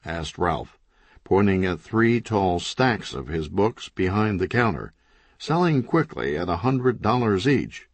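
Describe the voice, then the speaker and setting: A man reading a crime comedy audiobook in scripted narration with an animated, dry comic delivery. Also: sits low, measured pace, husky, dry recording.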